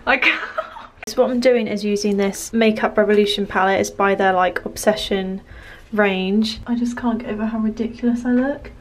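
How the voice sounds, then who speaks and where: A young British woman vlogging to the camera from her room at home, chatty and giggly, her voice slightly hoarse. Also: mid-range voice, fairly even intonation, normal speed, slight background noise, low-quality recording. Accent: British English. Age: young adult. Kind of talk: casual vlog chat. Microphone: camera mic, filming herself.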